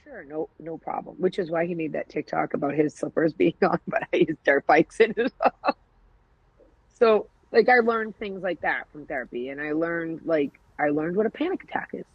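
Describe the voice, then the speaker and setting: A woman's voice: low voice, animated, moderate pace, slightly rough, muffled recording. A woman co-hosting a podcast, telling stories in candid casual chat, acting out quoted dialogue and swearing freely. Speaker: podcast co-host.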